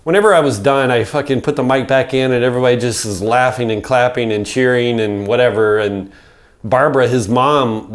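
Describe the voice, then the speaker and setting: Middle-aged male podcast guest, casual storyteller, mid voice, rambling and profane. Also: mid-range voice. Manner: rambling, peppered with "like" and swearing.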